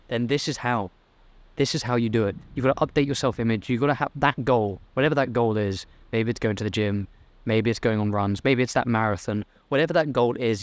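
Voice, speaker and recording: A young man, giving a blunt, swearing motivational talk to camera as a self-improvement vlogger. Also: medium pitch. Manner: blunt, profane, fired-up.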